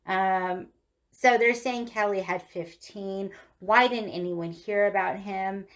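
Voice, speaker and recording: A woman co-hosting a podcast, telling a true-crime story in casual, lively chat and cursing freely. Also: medium pitch, takes it slowly. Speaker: podcast co-host.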